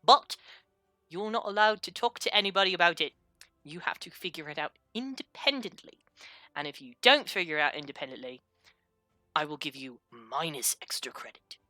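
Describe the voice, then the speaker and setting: A woman's voice: low voice, lively intonation, normal speed, pushed and bright, no echo, soft background music. A woman doing a prim, playfully mean professor. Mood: teasing. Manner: proper-ish teacherly address with a slipping put-on accent.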